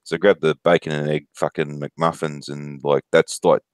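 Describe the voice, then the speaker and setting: A very deep-voiced Australian man in his thirties tells profane stories punctuated by laughter on a casual stream. He speaks at normal speed with a flat delivery, and the sound is clean with no echo.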